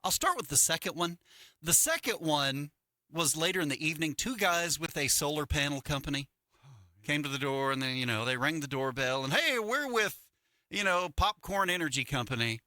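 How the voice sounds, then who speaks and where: A middle-aged man with a voice on the high side co-hosts a morning radio show, speaking at normal speed with no echo. In casual chat he tells stories in an animated way, acting out the people he quotes. He's in a radio studio, picked up by a studio microphone.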